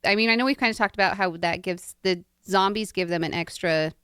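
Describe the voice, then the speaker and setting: A woman hosting a book podcast with a smooth, clear voice at a middle pitch. She speaks steadily and guides the talk with questions. The sound is close and dry. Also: fairly quick, a bit bright, no room sound. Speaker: podcast host. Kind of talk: casual book discussion.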